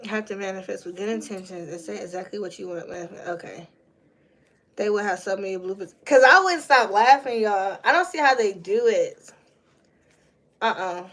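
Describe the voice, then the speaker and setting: A woman's voice: medium pitch, lively intonation, normal speed, a bit bright. A mother vlogging casually on her phone, laughing often and breaking off to talk to her kids. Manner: laughs often, chatty, talks to her kids between remarks. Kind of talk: casual chat to a livestream.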